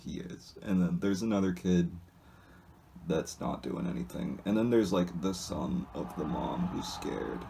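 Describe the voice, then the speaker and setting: A man's voice: low-pitched, measured pace, creaky, dark tone. A man casually describing comics aloud in a rambling, hesitant way, with many restarts and asides. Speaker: solo video host reading comics.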